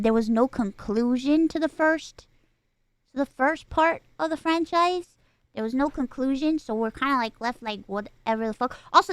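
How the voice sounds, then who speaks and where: Bright, high-voiced woman streamer, swearing. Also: clean tone, dry recording. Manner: animated, swears freely, mocking exaggerated asides. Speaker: streamer reacting to a film. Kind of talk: casual livestream chat.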